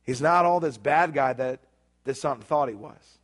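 A man's voice: mid-range voice, unhurried. A man preaching a sermon, emphatic, acting out quoted prayers in a rising voice. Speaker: pastor.

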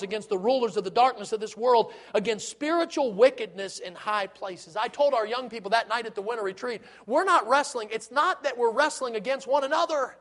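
A man's voice: very high voice, fairly bright tone. A man preaching a sermon as a pastor, earnest, with rhetorical questions and repetition.

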